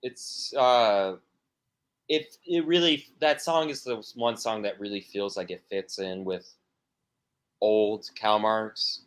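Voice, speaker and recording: A man's voice: lowish voice, slow pace, smooth. A man, a musician guest on a podcast, talking casually and rambling through stories with many restarts and fillers.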